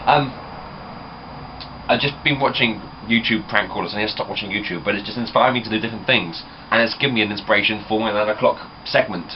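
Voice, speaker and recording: A man's voice: on the low side, fast talker. A young man from England, chatting casually and rambling to camera. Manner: chatty, rambling, many fillers. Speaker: vlogger. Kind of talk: casual vlog chat. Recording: dull camera audio with background noise.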